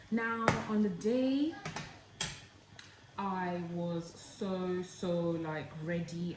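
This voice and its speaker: A woman's voice: on the low side, echoey room, background noise. A young woman, a vlogger telling a dramatic story while she cooks in her kitchen. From England. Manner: animated, dramatic storytelling that acts out both sides. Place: home kitchen.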